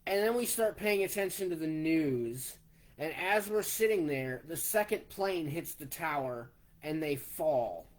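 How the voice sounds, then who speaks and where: A man in his forties recounts a personal story at an unhurried pace. He talks plainly and takes events one step at a time. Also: on the high side, lively intonation. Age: 40s. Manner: slow, plainspoken, retelling step by step. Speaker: vlogger.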